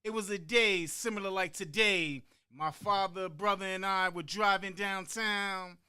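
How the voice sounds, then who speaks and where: Man telling a story in slow, dramatic spoken word. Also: high voice, steady tone, sharp tone, clean tone. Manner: dramatic, rhythmic delivery with long pauses on key words; acts out quoted voices within the story. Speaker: podcast guest performing a monologue.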